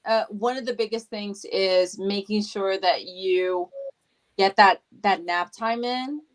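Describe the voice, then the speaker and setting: A woman's voice: medium pitch, takes it slowly, low-quality recording. A woman hosting a casual podcast panel, upbeat, prompting and encouraging her guests. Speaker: podcast host.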